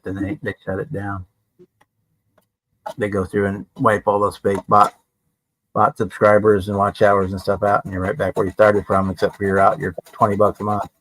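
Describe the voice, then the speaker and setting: Casual man, somewhat low voice, chatty explainer with restarts. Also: little pitch movement, moderate pace, a bit bright, poor audio. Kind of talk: casual livestream chat.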